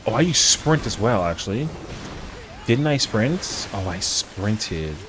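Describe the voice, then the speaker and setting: A young man with a lowish voice chats loosely while he plays a game on stream. He drops slang into his jokes and plays up his boasting for laughs. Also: big pitch swings, slow pace, background noise. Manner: joking, playful boasting with slang. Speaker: streamer playing an online game. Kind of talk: casual chat while gaming.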